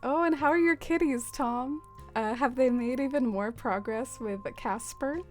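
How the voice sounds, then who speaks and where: A woman's voice: sits high, measured pace, soft background music. A woman hosting a casual game livestream, chatting with viewers, with lots of fillers and frequent laughs. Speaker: livestream host. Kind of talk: casual livestream chat while playing a game.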